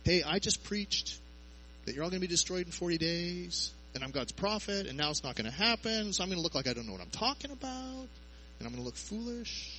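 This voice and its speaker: A man's voice: high voice, big pitch swings, brisk, bright, forceful tone, slight background noise, exaggerated voice, low-quality recording. A preacher voicing a petulant, complaining male prophet in a sermon. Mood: fretful. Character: whiny sulking adult male prophet.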